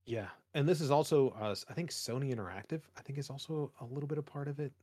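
A man's voice: mid-range voice, fast talker, dark tone, no echo, clean studio sound. A young man co-hosting a casual podcast, rambling with lots of fillers and jokes. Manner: rambling, many fillers, jokey. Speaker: podcast co-host. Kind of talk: casual chat.

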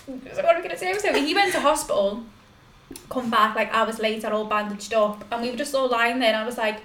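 A young woman with a high, bright-sounding voice tells stories in a casual chat, laughing as she goes. The sound is roomy and echoey, with clear noise behind her. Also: brisk. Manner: animated storytelling, laughs often. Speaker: podcast guest.

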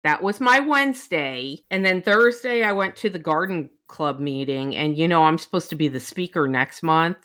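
Animated older woman telling blunt stories. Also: normal speed, few pauses. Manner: animated, acts out quoted people with big pitch jumps, blunt and profane. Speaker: storyteller in a casual chat. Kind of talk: casual chat, telling anecdotes.

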